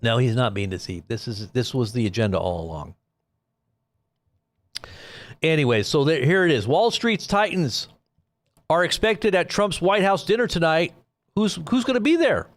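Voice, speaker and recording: A man's voice: on the high side, lively intonation, normal speed, pauses often. A middle-aged man hosting a live online news commentary show, talking in a sarcastic, rambling way and reading quotes aloud with mocking emphasis.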